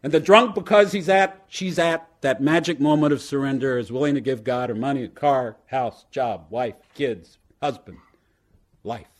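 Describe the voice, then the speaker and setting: Sharing his story at a recovery meeting, a man who lives in New York talks at a moderate pace in a medium pitch. He starts out joking and punchy, then grows earnest.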